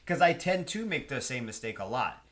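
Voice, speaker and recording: A man's voice: medium pitch, big pitch swings, normal speed, a crowd in the background. A man co-hosting a podcast in casual chat, talking loosely and profanely, with frequent restarts. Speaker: podcast co-host.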